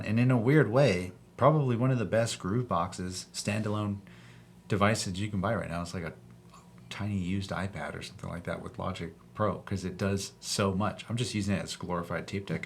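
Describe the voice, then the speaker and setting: A young man making a beat and talking through it in a casual, laid-back, slangy way, thinking out loud as he goes. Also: lowish voice, slight background noise. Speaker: music producer and video host. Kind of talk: casual tutorial talk while making a beat. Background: loud electronic beat playing.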